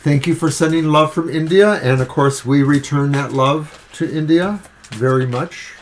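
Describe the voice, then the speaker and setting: A man co-hosting a live tarot stream, reading cards and joking about his coffee in a relaxed, rambling way. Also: a little high, normal speed, a little hiss or hum. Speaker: tarot reader co-host.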